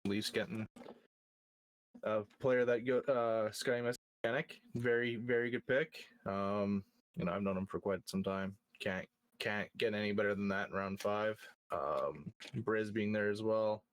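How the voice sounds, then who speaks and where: A man giving casual analysis of draft picks, hesitant with many pauses. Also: on the low side, steady tone, no room sound.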